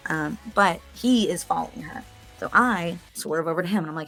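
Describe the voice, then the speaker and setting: A woman's voice: on the low side, normal speed, gravelly, soft background music. A woman casually telling a story, chatty, with lots of fillers. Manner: chatty, animated retelling with many fillers.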